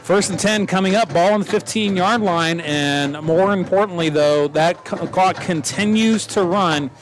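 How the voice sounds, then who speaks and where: A man calling a live high school football game play by play, quick and joking as he corrects himself. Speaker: play-by-play announcer.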